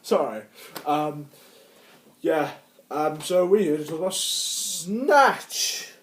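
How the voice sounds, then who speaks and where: A young man reviews a film in a casual, joking way, eager to cut in. His voice sits fairly high and reaches the mic from a distance. The whole room echoes around him. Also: slow, a little hiss or hum. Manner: playful and excitable, jumping in with jokes. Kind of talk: casual chat. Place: indoor room.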